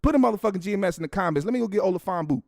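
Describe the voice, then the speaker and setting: A man's voice: high-pitched, lively intonation, very fast, creaky, a little mellow, no room sound, clean studio sound. A man playing a hot-tempered, foul-mouthed caller who stammers and rants on a prank call. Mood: furious. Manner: stammering, profane, ranting.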